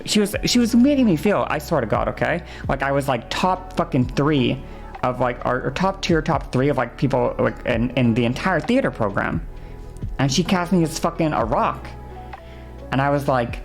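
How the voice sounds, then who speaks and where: A young woman streamer with a gravelly, creaky edge to her voice. She rants heatedly, swears freely and keeps checking in with her audience. Faint music plays behind her. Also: a bass voice. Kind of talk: casual stream chat.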